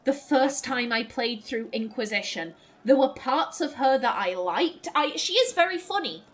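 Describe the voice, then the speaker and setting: A woman's voice: high-pitched, animated, normal speed. A woman commenting on a video game she is playing, ranting in exasperation and swearing freely. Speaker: let's play host. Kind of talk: gameplay commentary.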